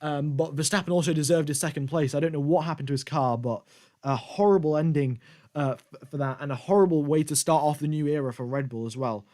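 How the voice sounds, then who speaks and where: A man with a slightly high voice hosts a live race stream. He rambles in a casual, conversational way as he reacts to the results and chats with viewers. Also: brisk, warm tone.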